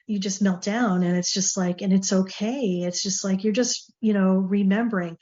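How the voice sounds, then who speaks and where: A woman's voice: mid-range voice, a little mellow, muffled recording. A woman hosting a talk show, speaking in a chatty, rambling way with plenty of fillers. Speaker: show host. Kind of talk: casual talk-show monologue.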